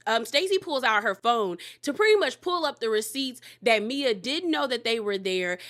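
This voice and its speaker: A woman with a bright, slightly high voice gives a casual, gossipy recap. She is chatty and animated, slipping into the voices of the people she quotes. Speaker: recap commentator.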